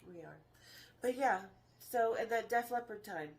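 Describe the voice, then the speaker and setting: A middle-aged woman co-hosting a casual chat over drinks, frank and quick to laugh, swearing freely. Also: a little high, lively intonation. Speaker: podcast co-host.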